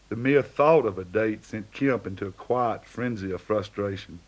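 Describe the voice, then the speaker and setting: A man's voice: fairly low pitch, moderate pace, hardly any pauses, rough recording. A man reading a novel aloud as narrator, shading the dialogue lightly for each character. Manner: reads dialogue with small shifts for each character. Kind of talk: audiobook narration.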